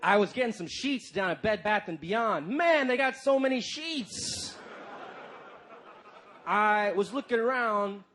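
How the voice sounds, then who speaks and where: A man in his thirties doing a stand-up comedy set, telling stories in an animated way and jumping into loud shouted voices. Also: high voice, unhurried. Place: live comedy stage before a crowd. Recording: live crowd noise in the background. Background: audience laughter and crowd noise.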